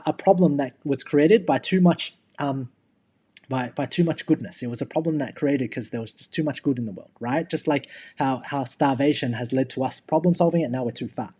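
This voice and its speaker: A man's voice: fairly high pitch, a little mellow, husky. A young man co-hosting a podcast, talking bluntly and emphatically in casual chat, swearing freely. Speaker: podcast co-host.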